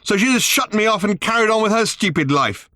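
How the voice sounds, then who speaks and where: A man voicing a shrill, furious young girl. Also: lively intonation, fairly quick, no room sound, clean studio sound. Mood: bitter. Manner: shrill shouting outbursts. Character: angry young alien-raised girl, sullen and explosive.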